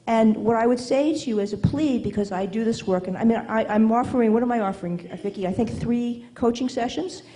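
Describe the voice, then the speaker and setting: A woman's voice: a little high, dark tone, slight background noise, rough recording. A woman writing coach giving an emphatic, teasing talk to a live audience, often checking in with "okay?". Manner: emphatic, teasing, quick asides asking "okay?". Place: event hall with an audience.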